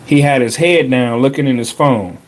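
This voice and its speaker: A man's voice: mid-range voice, normal speed. Guy on a podcast telling a story, casual and slangy, keeps repeating lines to hammer them home, regular mid voice. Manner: animated, slangy, repeats phrases for emphasis. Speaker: podcast host.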